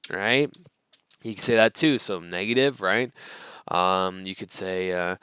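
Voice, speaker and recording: A man's voice: fairly low pitch, moderate pace, clear, resonant tone, no room sound. Chatty American man teaching English. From North America. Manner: relaxed, chatty, many fillers like um and right. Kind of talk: casual video lesson.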